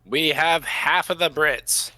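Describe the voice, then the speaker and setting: A man's voice: on the high side, slow pace, pushed and bright, no room sound. A man playing in a tabletop game, joking playfully with the group. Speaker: player. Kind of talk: casual tabletop game chat.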